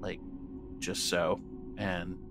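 A man's voice: low voice, level tone, very slow, over music. A man playing a tabletop horror game, casual and rambling, swearing freely. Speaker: player. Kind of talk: tabletop role-play chat.

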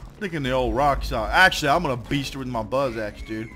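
A young man giving loose commentary on his own gameplay, swearing a lot, muttering to himself and yelling at enemies when they hit him. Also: medium pitch, lively intonation, fast. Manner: swears often, trash-talks enemies; yells in frustration when hit. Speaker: let's play gamer. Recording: game music playing behind.

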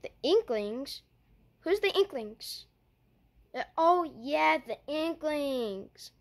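A woman performs a homemade skit, jumping excitedly between characters. Her high voice swoops up and down, and she takes her time, tripping over restarts as she goes. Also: extremely slow. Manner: stammering restarts.

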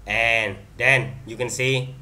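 Bright-voiced man demoing software haltingly. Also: medium pitch, steady tone. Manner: halting, many fillers and restarts. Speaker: software reviewer. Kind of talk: screen-recorded software demo.

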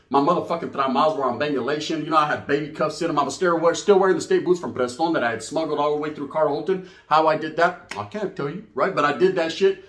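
Fast-talking Chicano streetwise storyteller man. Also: on the high side, a bit bright, reverberant. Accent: Chicano English. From California. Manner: streetwise slang, acts out other voices, addresses listeners directly. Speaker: storyteller host. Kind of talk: profane comedic storytelling.

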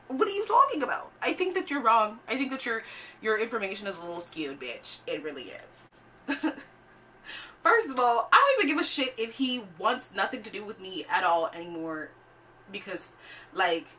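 A young woman vlogger tells a storytime rant in a blunt, sassy way, swearing often and leaning on fillers. Her voice is bright and sharp and sits a bit high for a woman. She is recorded somewhat far from the mic, with a faint noise underneath.

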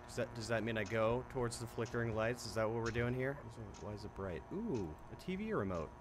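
A man's voice: mid-range voice, noisy background. A young man playing a horror game at home in his bedroom, jumpy and self-mocking, with sudden screams at the scares. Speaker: gaming YouTuber. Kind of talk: horror gameplay commentary.

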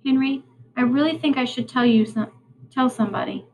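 A woman's voice: sits high, fairly quick, slight background noise, close to an everyday voice, low-quality recording. A woman voicing an earnest young girl in a storybook reading, speaking in a pleading, patient way.

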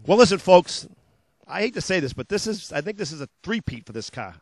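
Upbeat, high-voiced New car salesman. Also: very animated, a little fast, no room sound. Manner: upbeat, repetitive sales patter, jokes about his own slips. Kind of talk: local TV car sales pitch.

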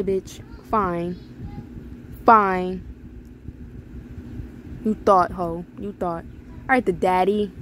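A young woman talking loudly through a mobile game, swearing freely and reading in-game texts aloud with plenty of sass. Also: mid-range voice, a little hiss or hum, rough recording. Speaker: gamer. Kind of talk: casual gameplay commentary.

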